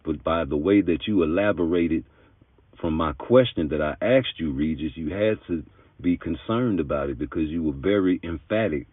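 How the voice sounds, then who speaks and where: Deep-voiced man ranting about boxing. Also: normal speed, no echo. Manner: emphatic, argumentative, street-talking. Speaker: boxing commentator. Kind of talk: opinionated commentary monologue. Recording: tinny phone-like dry sound.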